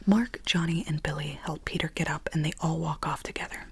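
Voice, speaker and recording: A woman ASMR host reading a script aloud in soft whispered role-play on a binaural mic, with casual chatty asides. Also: low voice, fairly even intonation, brisk, creaky, few pauses, husky.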